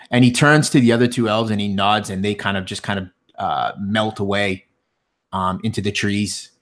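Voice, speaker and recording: Halting low-voiced man running a tabletop game. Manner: halting, many ums and restarts. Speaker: game master.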